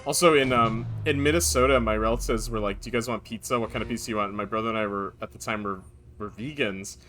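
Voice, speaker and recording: A man streaming a video game live, chatting casually and rambling through animated anecdotes. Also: on the low side, fast talker, faint music behind.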